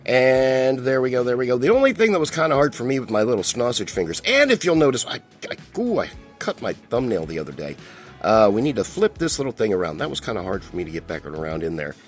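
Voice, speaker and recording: A man's voice: medium pitch, big pitch swings, fast talker, faint music behind. A middle-aged man giving a casual, folksy toy review, talking to his viewers as he handles the figure.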